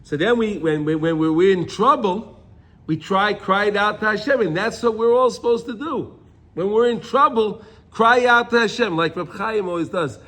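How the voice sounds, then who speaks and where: A man teaching a Torah class, reading Hebrew lines and explaining them in English with many restarts, sometimes crying out loudly. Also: sits high, normal speed. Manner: animated, cries out loudly when acting out a prayer.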